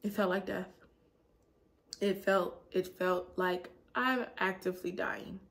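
A woman, chatting casually in a vlog with a sore throat, animated and laughing often. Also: medium pitch, slow pace, creaky. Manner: animated, laughs often, acts out her own reactions. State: sore throat after a cold. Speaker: vlogger.

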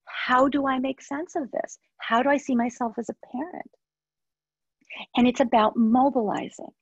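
A woman's voice: high voice, steady tone, moderate pace, slightly rough, no room sound, highs cut off. A woman speaking at a professional webinar, telling a personal story from her time as a parent and turning it into advice, earnest and given to repeating phrases. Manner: earnest storytelling, with repetitions and soft trailing asides.

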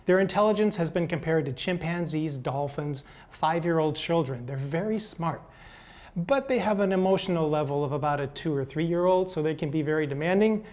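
Older man telling folksy, gentle stories. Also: fairly high pitch, normal speed. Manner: gentle, folksy, repeats words. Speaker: speaker. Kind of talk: motivational storytelling talk.

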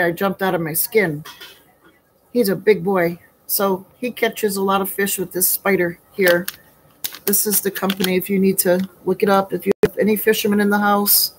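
A woman's voice: medium pitch, slight background noise, rough recording. Chatty woman hosting a home baking stream. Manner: chatty, greets viewers by name, folksy. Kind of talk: casual live-stream chat. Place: home kitchen.

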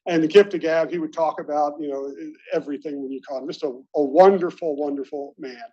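A man's voice: a little high, steady tone, brisk, darkish tone, husky. A middle-aged man from Baltimore telling self-deprecating stories as a speaker at an alumni meeting, in a conversational way. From Baltimore, United States. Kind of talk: anecdotal speech to colleagues. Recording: dull lo-fi recording.

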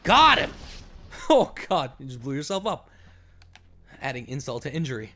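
A man doing let's play commentary, excitable, swinging between yelling and muttering. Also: mid-range voice, normal speed, a little hiss or hum. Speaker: gameplay commentator.

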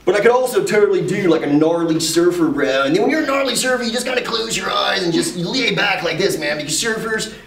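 A man's voice: high voice, expressive, fast talker, vocal fry, hardly any pauses, a bit bright, voice pushed up, full character voice. A man putting on a voice, playing a laid-back male surfer dude with a drawl. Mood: chill. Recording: echoey room from far off.

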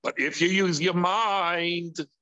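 A man's voice: steady tone, slow pace, sharp tone, muffled recording. A man preaching a sermon, asking rhetorical questions with emphasis. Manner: acts out impulsive voices in a high whiny pitch. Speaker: rabbi teaching.

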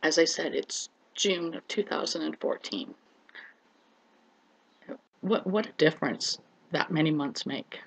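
Speaking straight to her viewers as friends, a middle-aged vlogger earnestly shares her own story and repeats words for emphasis. She has a deep, gravelly voice with a breathy edge, a measured pace and long pauses, in a low-quality recording.

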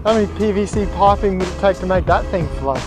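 A man's voice: high voice, quick pace. A young man with an Australian accent giving chatty, joking commentary while fishing outdoors on the water. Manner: chatty, joking, self-mocking. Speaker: fishing vlogger. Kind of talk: casual running commentary. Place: outdoors on open water on a small raft. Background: music.

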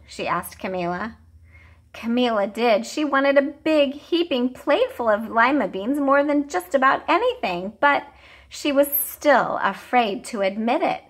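Animated woman teacher reading a picture book. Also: on the high side, moderate pace. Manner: expressive, animated storytelling. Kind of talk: children's picture book read-aloud.

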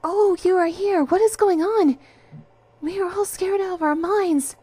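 A woman's voice: a little slow, no room sound. A woman putting on a squealing little love angel. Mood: scared. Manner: high squealing excited delivery. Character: frightened eager young female love angel.

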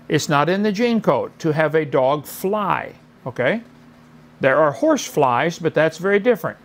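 Man in debate, gravelly, fairly high voice, mocking, lecturing, repeats himself.

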